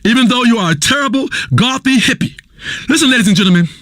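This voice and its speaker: A volatile radio guru doctor for a game's talk station, preaching in a very high, bright voice that swoops all over the place. He rambles, hums and bursts into shouts without warning. The sound is dry and close. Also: animated, quick pace, no echo. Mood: sentimental. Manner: rambling, humming, sudden shouting, wild swings. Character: erratic self-styled spiritual doctor, adult man, volatile and preachy. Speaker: radio health show host. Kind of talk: comedic talk radio acting.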